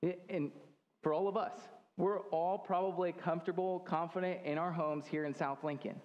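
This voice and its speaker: A man's voice: fairly high pitch, fairly even intonation, normal speed, muffled recording. An American man preaching a sermon as pastor, talking conversationally with joking asides. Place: church hall. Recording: long hall reverb.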